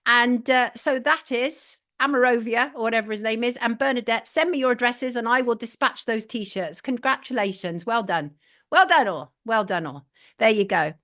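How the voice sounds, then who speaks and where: A woman's voice: a little high, a bit bright. A middle-aged English woman hosting a live online talk show, opinionated and blunt, repeating her points for emphasis and reading out viewer messages.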